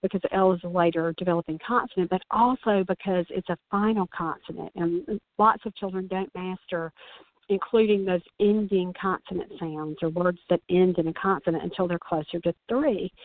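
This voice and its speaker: A woman's voice: on the low side, no echo. Woman host coaching parents, tinny sound. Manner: earnest, coaching tone with repeated restarts. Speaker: speech-language pathologist podcast host. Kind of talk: explanatory podcast monologue. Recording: dry, phone-like narrow sound.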